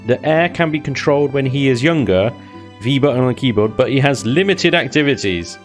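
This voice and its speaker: A man's voice: mid-range voice, very animated, brisk, faint music behind. A man giving casual, joking commentary while playing a video game, laughing often. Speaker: gaming YouTuber.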